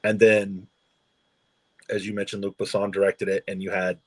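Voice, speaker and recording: A man co-hosting a casual podcast, speaking in a relaxed and agreeable way, reflecting at length. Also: lowish voice, moderate pace, husky, no room sound. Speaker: podcast co-host. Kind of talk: casual chat.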